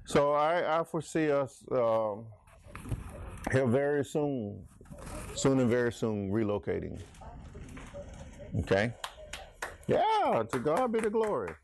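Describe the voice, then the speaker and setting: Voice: mid-range voice, sing-song, slow pace, pauses often, darkish tone, slight background noise. A Bible study leader teaching an interactive class, asking questions and making jokey asides.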